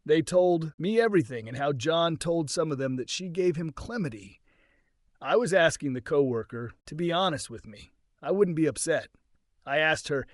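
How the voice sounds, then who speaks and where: A man's voice: a little high, lively intonation, normal speed, no echo, clean studio sound. A man telling a first-person story in an earnest, conversational way.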